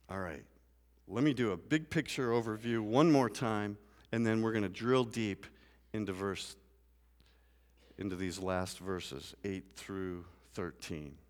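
A man preaching a sermon in a church, moving from quiet scripture reading to loud, rising emphasis. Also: on the low side, slow pace, pauses often. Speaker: pastor. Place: church sanctuary. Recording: long church reverb.

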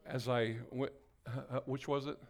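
A man's voice: mid-range voice, little pitch movement, moderate pace. Emphatic man preaching in church. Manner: call-and-response, rising to emphatic exhortation. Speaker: pastor. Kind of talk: sermon with prayer. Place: church sanctuary before a congregation.

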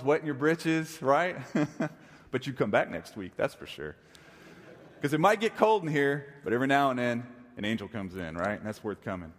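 A man preaching a sermon as pastor, emphatic and jokey, repeating phrases for stress. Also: medium pitch. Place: church sanctuary. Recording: long reverb of a church hall.

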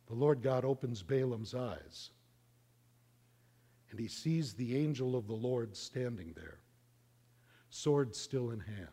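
A middle-aged man preaching a sermon, telling a story in an animated, conversational way. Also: mid-range voice, slow, pauses often, breathy edge. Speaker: pastor.

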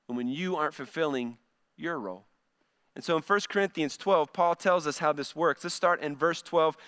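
A man's voice: a little high, pushed and bright. A middle-aged male pastor giving a conversational sermon, often repeating words as he starts a phrase.

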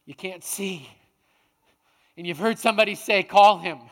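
A male pastor preaching a sermon, dramatic, swinging between hushed and loud. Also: high voice, moderate pace. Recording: long hall reverb.

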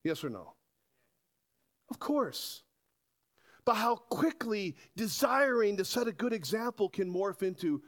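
A man preaching a sermon to a congregation, animated and asking rhetorical questions. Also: high-pitched, takes it slowly, long pauses. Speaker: pastor.

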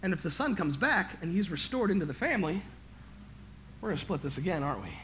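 A man preaching a sermon as pastor, emphatic, swinging from quiet to loud, stammering and repeating words when he gets worked up. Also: sits high, very animated, fast talker, a little hiss or hum.

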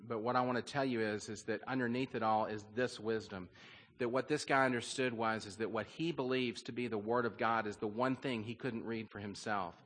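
A man's voice: medium pitch, a bit bright. A man preaching a sermon, telling a story in an earnest, conversational way with frequent fillers. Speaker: pastor. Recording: long reverb of a large hall.

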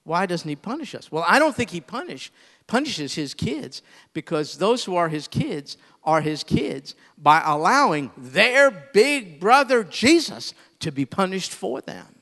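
A man's voice: sits high, big pitch swings, measured pace, sharp tone. A middle-aged man preaching a sermon, telling a personal story and rising to emphatic pleas. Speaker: pastor. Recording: long hall reverb.

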